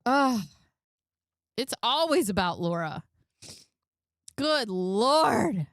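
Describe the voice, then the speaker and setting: A woman's voice: a little high, very animated, very slow, dry recording, studio quality. A woman YouTube commentator reading texts aloud with exasperated, laughing reactions.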